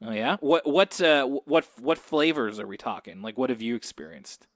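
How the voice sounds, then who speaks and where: Here a male podcast co-host chats loosely about a cartoon, often breaking into laughter. He speaks at an ordinary speed in an expressive, mid-range voice, and there's no room sound at all.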